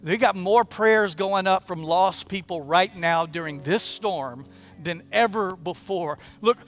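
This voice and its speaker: Animated high-voiced male preacher. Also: a little slow. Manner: animated storytelling, acting out quoted prayers. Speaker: pastor. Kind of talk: sermon.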